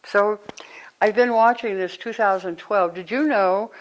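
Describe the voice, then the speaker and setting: A woman speaking as a spiritual teacher to a live group, conversational and animated, telling stories and breaking into sudden exclamations. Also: mid-range voice, a little slow, rough recording.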